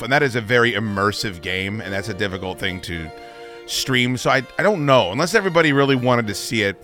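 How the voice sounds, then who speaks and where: A man's voice: medium pitch, bright, forceful tone. A middle-aged man hosting a radio show, talking casually in a rambling, profane way.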